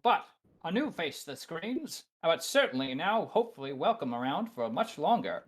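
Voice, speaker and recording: A man's voice: on the high side, moderate pace, husky. A man game master hosts in a playful way, handing the talk to each player in turn. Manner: playful, lively. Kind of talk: casual hosting.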